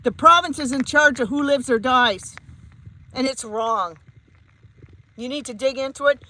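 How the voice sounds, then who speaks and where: A woman's voice: sits high, unhurried, pushed and bright, rough recording. A woman, a psychic medium, giving a heated vlog rant and repeating her points emphatically. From Canada.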